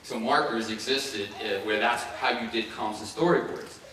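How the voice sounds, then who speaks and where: A man's voice: lowish voice, sharp tone, recorded from a distance. A man in his fifties from Ohio tells his life story as a keynote speaker. He talks loosely, with fillers and restarts. He is heard from some way off in a very echoey hall, with faint noise behind him. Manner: casual and halting, with many fillers and restarts. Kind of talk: personal story told in a keynote speech.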